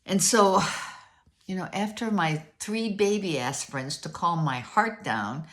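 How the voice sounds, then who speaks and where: Animated older woman telling a story. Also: fairly low pitch, unhurried. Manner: animated, retells both sides of conversations. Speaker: vlogger. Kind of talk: casual storytelling.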